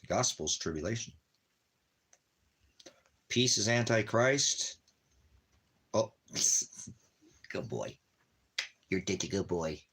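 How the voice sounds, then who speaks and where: A man with a very low, husky voice rambles in a loose, repetitive way. He coos at his dog with doting baby-talk, then slides into preaching about religion, all in an offhand home-vlog manner. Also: a bit bright. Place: at home in the desert.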